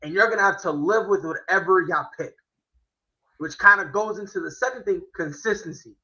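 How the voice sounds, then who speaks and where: A man hosting a casual football chat, animated and slangy, cursing freely. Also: high voice, dull audio. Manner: animated, slangy, swearing, quick impressions. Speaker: host. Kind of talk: casual sports analysis chat.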